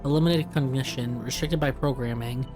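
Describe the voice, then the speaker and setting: Terse machine intelligence in a vending machine, read by a man, clipped broken sentences, mid-pitched, game music behind. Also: moderate pace, lightly acted. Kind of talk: reading game dialogue aloud.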